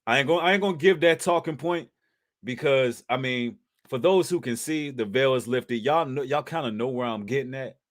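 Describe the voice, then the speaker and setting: A man's voice: medium pitch, fairly quick. A man hosting a livestream, talking in an emphatic, preacherly way to his audience, mixing casual slang and the odd curse word. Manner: emphatic, preacherly, addresses audience as brothers and sisters; casual slang with occasional cursing. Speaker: livestream host.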